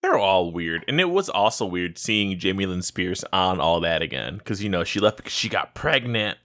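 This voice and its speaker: Young man, low voice, very lively intonation, casual gaming podcast host, swears a lot. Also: moderate pace. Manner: swearing, animated storytelling. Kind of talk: casual chat.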